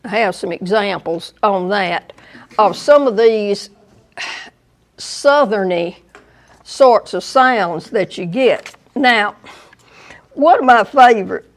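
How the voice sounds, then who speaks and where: Slow Southern woman lecturing. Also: mid-range voice, animated. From American South. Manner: slow, deliberate delivery with wry asides. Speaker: guest lecturer. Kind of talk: museum lecture.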